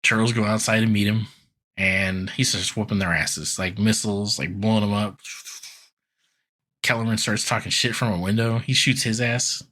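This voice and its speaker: A man's voice: fairly low pitch, steady tone, moderate pace, sharp tone. A man co-hosting a podcast, recapping a cartoon episode in loose, laughing casual chat full of fillers. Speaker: podcast co-host.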